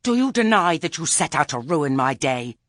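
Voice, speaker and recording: A shrill, imperious witch who talks down to everyone around her, as a male narrator puts her on. Her voice jumps up high and loud, with a husky edge under it. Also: lively intonation, moderate pace, dry recording, studio quality, full character voice. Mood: shrieking. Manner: imperious, indignant. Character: shrill, haughty woman, a pompous witch.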